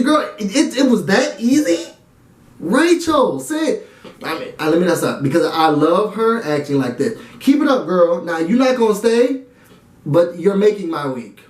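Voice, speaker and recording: Animated high-voiced man recapping a show. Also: reverberant. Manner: animated, dramatic and slangy, talks to viewers directly. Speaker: reality TV YouTube reviewer. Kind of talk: casual episode recap and review.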